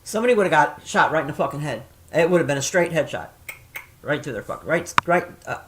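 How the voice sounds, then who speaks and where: A middle-aged woman chatting casually and telling stories, swearing often and jumping loud when she acts out quoted voices. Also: sits low, fast. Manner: profane, animated, acts out quoted voices loudly. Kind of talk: casual storytelling chat.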